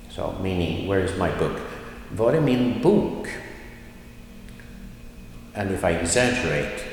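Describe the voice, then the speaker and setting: A male language teacher giving a lesson, saying example sentences slowly and then going through each word. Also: deep voice, expressive, a little hiss or hum. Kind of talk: slow explanatory lesson. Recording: echoey room with long reverb.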